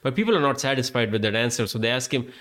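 A man's voice: medium pitch, rapid-fire, fairly bright tone. Rambling Indian-accented man hosting a podcast. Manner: rambling, profane, heavy on filler words. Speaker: podcast host. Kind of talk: casual monologue.

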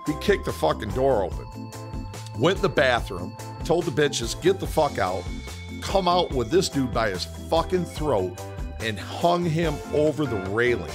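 A man's voice: mid-range voice, a little slow, music in the background. A man from the US Northwest telling a story in casual podcast chat, swearing a lot and acting out the voices of the people in it. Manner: profane, animated storyteller who acts out quotes. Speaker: podcast co-host.

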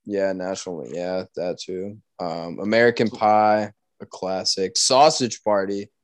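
A young man co-hosting a podcast in casual chat, animated and swearing freely, with sudden loud outcries. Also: deep voice, unhurried, dry recording. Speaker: podcast co-host.

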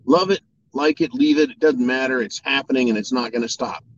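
A man's voice: medium pitch, a little fast, highs cut off, a little hiss or hum. A man delivering an angry political monologue, swearing and mocking opponents in sarcastic voices. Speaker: political commentator. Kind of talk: ranting monologue.

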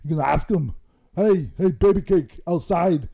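A man's voice: a little high, unhurried, gravelly, warm tone. A man doing a comic impression of a boastful bodybuilder, rambling and giggling through mock threats. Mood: swaggering. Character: boastful bodybuilder impression, male, middle-aged, menacing-jolly. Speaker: comedy guest in character.

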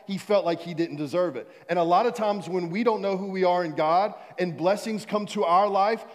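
Pastor guy preaching hard, fairly high voice, repeats his lines, big reverb hall. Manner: emphatic, repeats key phrases, leads the congregation in call-and-response. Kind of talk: sermon.

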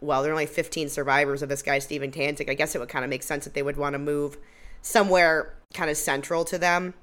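A woman with a somewhat low voice co-hosts a casual recap podcast. She talks bluntly and swears freely, and she tells the story in an animated way. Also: fast. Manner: blunt, profane, animated retelling. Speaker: podcast co-host.

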